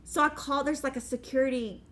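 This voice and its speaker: The middle-aged woman hosting this cross-stitch show has a high-sitting voice and talks a little fast, chatting casually to viewers. She animatedly acts out both her own lines and other people's voices in her story. Slight background noise can be heard.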